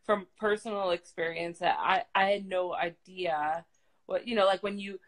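A woman's voice: medium pitch, steady tone, rough recording. A woman hosting a casual live video chat, asking questions in a hesitant way with lots of restarts. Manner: hesitant, halting, many restarts. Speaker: host. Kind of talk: casual live-stream conversation.

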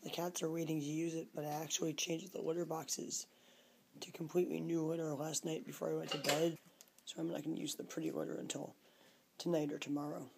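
A woman's voice: low voice, level tone, a little fast, gravelly, a little mellow, a little hiss or hum. Chatty woman vlogging at home. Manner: chatty, talks to cats and child while filming. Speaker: video diary vlogger. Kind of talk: casual home video diary. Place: at home, indoors.

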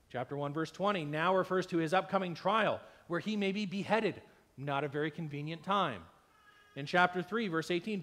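A man's voice: sits high, fairly bright tone. A man preaching a sermon as pastor, emphatic, acting out imagined complaints in quoted voices, sounding a little unwell and tired. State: unwell, tired with stomach ache.

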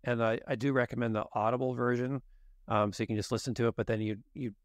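A man's voice: medium pitch, steady tone, fast talker, no echo. A man as a guest expert on a podcast interview, explaining in detail and acting out exchanges with patients. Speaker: guest expert on genetics and nutrition.

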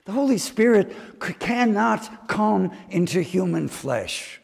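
A man's voice: high voice, animated, takes it slowly, gravelly, slightly rough, long reverb tail. A man preaching a homily, telling stories and slipping into mimicked voices now and then. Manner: storytelling preaching with mimicked asides. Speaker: priest. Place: chapel.

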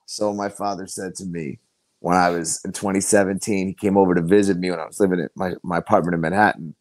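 A man as a podcast guest, telling personal stories in an earnest, halting way with many restarts. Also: deep voice, steady tone, a little mellow, no echo. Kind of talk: personal storytelling in conversation.

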